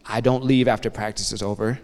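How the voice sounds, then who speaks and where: A man in his thirties giving a motivational talk to students as a guest speaker, telling lively stories and often checking in with the audience. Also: on the low side, fairly quick. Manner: energetic storyteller, checks in with the audience. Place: campus hall. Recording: long hall reverb.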